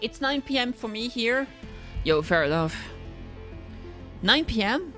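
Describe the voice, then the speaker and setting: Bubbly woman streamer with a high voice. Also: animated, unhurried, long pauses, bright, forceful tone, soft background music. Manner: bubbly, playful, self-mocking, chatting with viewers. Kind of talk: casual gaming livestream chat.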